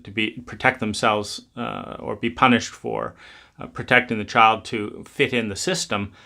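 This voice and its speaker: A man's voice: on the low side, steady tone, normal speed, vocal fry, pushed and bright. A man giving a reflective spoken talk, rambling with many restarts.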